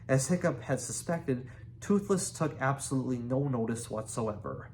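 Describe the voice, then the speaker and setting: A man reading a children's book aloud, unhurried, with restarts and small asides. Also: medium pitch, animated, a little mellow, slight background noise. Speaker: reader.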